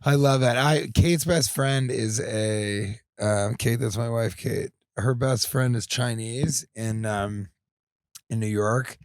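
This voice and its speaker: A man who guests on a comedy podcast as a comedian, riffing with deadpan humor. His voice sits at an ordinary pitch and is recorded dry and close. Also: slow pace, dry recording. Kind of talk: casual comedic chat.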